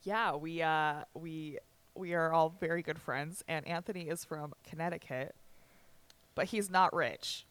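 A woman's voice: deep voice, a little slow, a bit bright, slight background noise. A woman hosting a casual podcast, teasing her guest and giggling between fillers. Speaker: podcast host.

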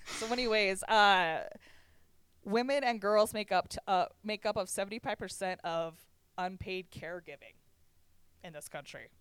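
A woman's voice: medium pitch, moderate pace, fairly bright tone, clear, resonant tone, no room sound. A young woman co-hosting a podcast, telling stories in casual chat, swearing often and laughing a lot. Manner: profane, laughing storyteller. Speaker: podcast co-host.

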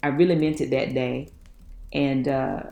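A woman, telling her life story in an interview, folksy and animated, laughing often. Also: extremely low pitch, measured pace, vocal fry. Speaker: guest. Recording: echoey room.

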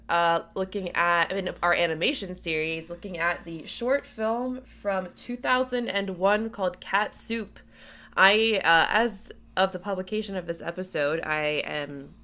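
A woman's voice: mid-range voice, sharp tone. A woman co-hosting a podcast, chatting casually and recapping a film plot, laughing often and stumbling over words. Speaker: podcast co-host.

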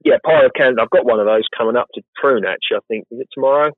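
Talking very fast in a mid-range voice, a man who gardens professionally rambles a little as a casual, chatty interview guest with a self-deprecating streak. The audio comes through a dry, tinny, phone-like line.

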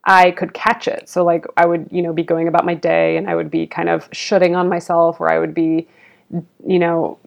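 Gravelly low-voiced woman, earnest. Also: level tone, normal speed. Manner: reflective, earnest, many fillers. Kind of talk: conversational interview.

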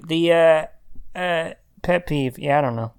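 A man's voice: on the high side, unhurried, clean tone. A man hosting a podcast, chatting casually with dry, wry humor. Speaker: podcast host. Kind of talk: casual chat.

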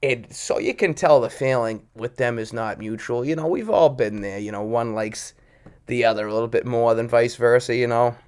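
A man swapping stories on a podcast, profane and confrontational, laughing as he goes. He puts on other people's voices in his anecdotes, and his voice sits at a middling pitch. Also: moderate pace, darkish tone, clean tone. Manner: petty and confrontational. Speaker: podcast co-host. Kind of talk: casual storytelling chat.

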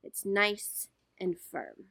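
A woman co-hosting a movie podcast, earnest and quick to exclaim. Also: mid-range voice, lively intonation, gravelly, bright, forceful tone, no room sound. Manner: earnest, exclaiming, laughs easily. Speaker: podcast co-host. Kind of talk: casual podcast chat.

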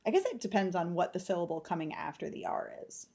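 A woman's voice: lowish voice, very animated, quick pace, a little mellow. A woman co-hosting a podcast, chatting casually and laughing often. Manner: giggly, chatty, trailing off. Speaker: podcast co-host. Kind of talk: casual chat.

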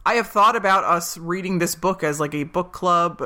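On a podcast she co-hosts, a woman chats casually while recapping scenes and quoting lines from them. Her voice sits lowish, with a crisp, sharp tone and a moderate pace.

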